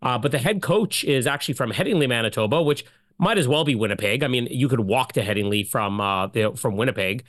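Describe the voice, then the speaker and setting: A man co-hosting a sports podcast, chatty and quick to laugh. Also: mid-range voice, fairly bright tone, no room sound, studio quality. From Canada. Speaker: podcast co-host. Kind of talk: casual podcast chat.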